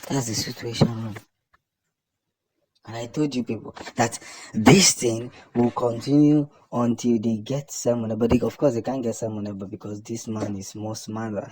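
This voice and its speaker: A man with a Nigerian accent giving impassioned political commentary, emphatic and repetitive, building up to loud declarations. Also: fairly low pitch, steady tone, moderate pace, a little hiss or hum.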